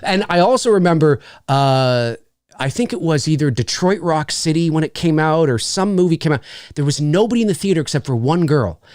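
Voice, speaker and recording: Guy hosting a chat, voice jumps all over, dry close sound, kinda high for a man. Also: fairly quick, no echo. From Canada. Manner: animated storyteller, many restarts and laughs. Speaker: host. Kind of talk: casual chat.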